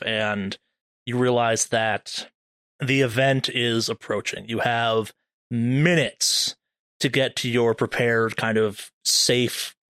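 A man running a tabletop horror game as game master, narrating in a measured way with slow dramatic beats. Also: medium pitch, a bit bright, no room sound.

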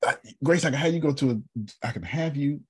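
A man's voice: on the high side, fairly quick, slightly rough, dry recording. A man hosting an online workshop in a casual, joking teaching style, often repeating himself for emphasis, heard over a video call.

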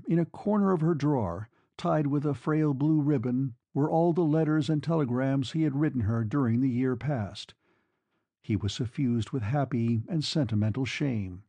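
Mellow-voiced male audiobook narrator. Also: medium pitch, no room sound.

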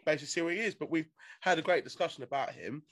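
A man's voice: a little high, racing, fairly bright tone, dry recording, clean studio sound. A man hosting a casual podcast interview with enthusiastic reactions and frequent laughs. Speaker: podcast host.

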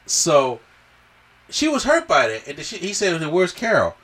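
A man's voice: sits high, a little slow, husky, distant mic. A man on a podcast casually recapping a film and acting out the characters' lines. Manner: animated retelling, acts out the characters' lines. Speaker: podcast host. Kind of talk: casual movie review chat.

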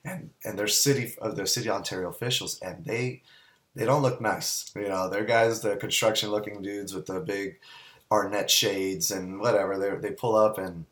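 A man from California telling a lively story as a guest in a casual interview, laughing and acting out the people in it. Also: on the low side, moderate pace. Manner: animated storyteller, acts out quoted voices, laughs often. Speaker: business owner, guest.

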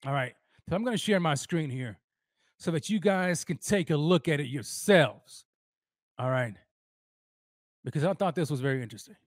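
A young man hosts a live sports talk stream in a slightly high voice. He is excitable and slangy and keeps repeating his phrases. The recording is dry and close, with no room sound. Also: moderate pace, long pauses, no room sound. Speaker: sports podcast host.

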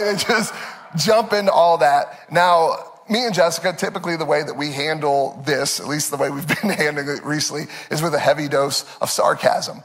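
A male pastor preaching a sermon in a conversational, animated way, laughing often. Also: on the high side, gravelly. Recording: long reverb.

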